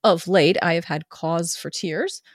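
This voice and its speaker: A woman's voice: on the low side, a little slow, dry recording. Woman reading a classic aloud, wry asides, dry close sound. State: slightly drunk. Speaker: podcast co-host and reader. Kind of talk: casual reading with jokes.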